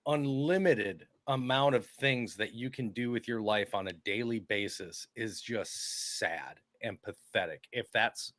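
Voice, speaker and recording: A man's voice: fairly low pitch, fairly bright tone, dry recording. A man co-hosting a podcast, chatting casually and teasing the others. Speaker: podcast co-host.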